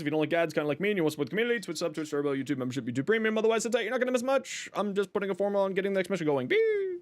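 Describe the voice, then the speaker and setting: A man's voice: sits high, big pitch swings, racing, hardly any pauses. A man streaming a game live, chatting casually and jokingly with his viewers. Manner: chatty, joking, talks to chat and his cat. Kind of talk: casual livestream chat while gaming.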